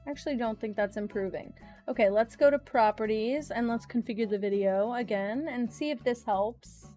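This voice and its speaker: Woman, streamer, chatty, rambling, casual gaming chat, higher-pitched, soft music behind. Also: normal speed. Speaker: live streamer.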